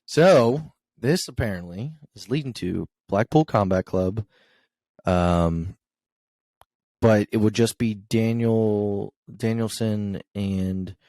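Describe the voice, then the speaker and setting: A man's voice: on the low side, slow pace, warm tone, no echo. A young man co-hosting a podcast, casually recapping wrestling shows with lots of fillers and chuckles. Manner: rambling recap with many fillers and laughs.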